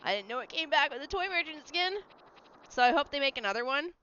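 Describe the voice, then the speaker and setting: Chatty streamer with a lively, bright voice. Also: high-pitched, fast talker. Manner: rambling, chatty, answers chat messages. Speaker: livestreamer. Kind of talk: casual stream chat while gaming. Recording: slightly dull lo-fi mic. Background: faint game music.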